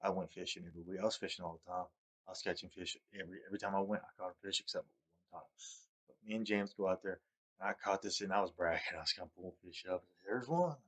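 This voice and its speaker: Here a fishing storyteller talks fast in a level, husky, slightly bright tone. He wanders through his tales, says things more than once, laughs as he goes, and raises his voice to quote others.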